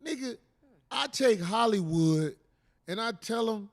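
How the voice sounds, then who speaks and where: Brash, profane comedian host. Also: male voice, sits high, animated, measured pace. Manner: brash, profane, boastful ribbing. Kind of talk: loose comedic podcast banter.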